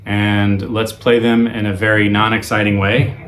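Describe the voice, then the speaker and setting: A man teaching a guitar lesson in a relaxed, conversational way, with frequent ums and uhs. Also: on the low side, moderate pace. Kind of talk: video lesson.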